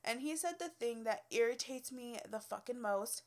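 A young woman tells stories from her work in a casual, unscripted way. Her voice sits slightly high. She is blunt and profane and fills her talk with filler words. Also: expressive, normal speed. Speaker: cosmetology student telling work stories. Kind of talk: casual storytelling.

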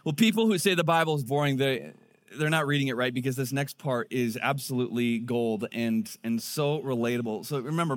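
A man in his thirties preaching a sermon in a conversational, animated way. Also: on the high side. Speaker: pastor.

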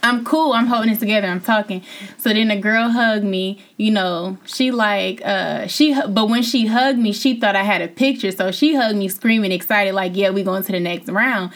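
A young woman recounts being sent home from a reality competition in a loose, chatty interview. She talks at an everyday middle pitch, then her voice leaps up whenever she feels wronged, and she laughs as she goes. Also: moderate pace. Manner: animated, laughs, voice jumps high when indignant. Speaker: former reality show contestant, guest. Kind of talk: casual interview storytelling.

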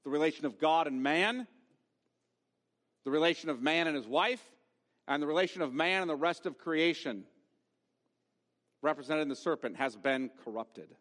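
Male pastor, fairly high, animated delivery, emphatic sermon, long church-hall reverb. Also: normal speed, pauses often. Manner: emphatic, with rhetorical questions. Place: church sanctuary.

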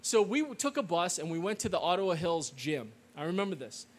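Middle-aged male storyteller, high and lively, keeps asking "okay?", live audience. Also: a little fast. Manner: animated, peppers lines with "okay?" and "right?"; loud call-and-response chanting with the audience. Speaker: speaker telling a story to an audience.

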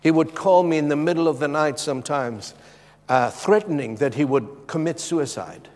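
Middle-aged male preacher from Zimbabwe, slightly high voice, passionate, shifts from loud to hushed, long hall reverb. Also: animated, moderate pace. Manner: impassioned, swinging from loud emphatic lines to hushed, soft ones. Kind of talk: sermon.

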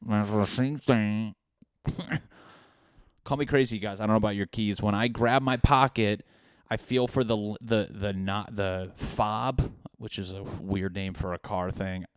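A man's voice: fairly low pitch, fairly even intonation, unhurried, smooth, dry recording, studio quality. A young man hosting a podcast in a loose comedic monologue, rambling, swearing freely and laughing at his own jokes. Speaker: podcast host.

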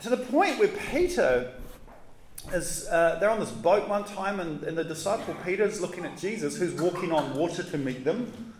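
Man, preacher, casual slangy sermon, high-pitched, roomy church echo. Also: normal speed. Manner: relaxed and slangy, with animated asides. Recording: roomy echoey hall.

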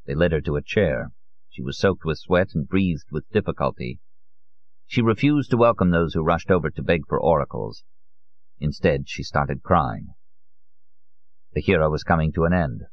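Male audiobook narrator, very deep, lively delivery, dry and slightly muffled recording. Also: no echo.

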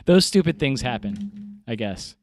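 Man, 40s, self-deprecating, rambling, middle pitch, dry close mic. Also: sing-song, a little slow, a little mellow, dry recording. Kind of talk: casual storytelling.

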